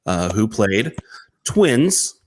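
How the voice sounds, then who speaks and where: Rambling, animated male comedy co-host. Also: fairly low pitch, extremely slow. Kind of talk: comedic casual chat.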